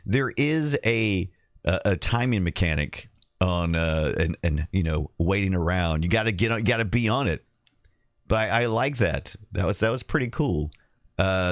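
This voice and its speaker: A man's voice: low-pitched, lively intonation, normal speed, dry recording, studio quality. A man hosting a casual retro computer livestream, rambling and correcting himself as he reads the chat. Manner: rambling, self-correcting, reads chat and game text aloud.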